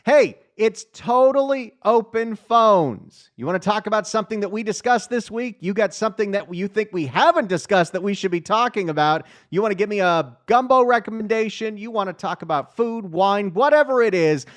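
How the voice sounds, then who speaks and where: An upbeat middle-aged man runs a call-in radio show from the studio mic. He keeps up chatty patter between callers. His voice sits a little higher than most men's. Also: lively intonation, a little fast, hardly any pauses. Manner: upbeat, chatty, reads the phone number often. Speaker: radio talk show host. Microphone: studio microphone.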